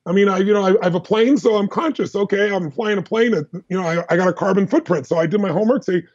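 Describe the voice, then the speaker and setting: A man speaking as a podcast guest, his voice pitched high for a man as he rushes through one emphatic personal story after another. The delivery is animated and quick, with the words tumbling out. The audio sounds dull and slightly lo-fi. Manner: animated, emphatic, fast-flowing anecdotes.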